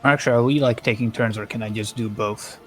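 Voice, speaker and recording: A man's voice: mid-range voice, fairly even intonation, fast, soft background music. Eager rambling man at a game table. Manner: rambling, filler-heavy, eager. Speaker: player. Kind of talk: casual tabletop play.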